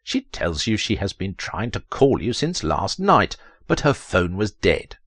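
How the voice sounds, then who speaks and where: A man's voice: very animated, unhurried, no echo, studio quality. A man narrating a text adventure in a theatrical, dramatic reading voice. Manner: theatrical, leaps to high strained pitch on quoted lines.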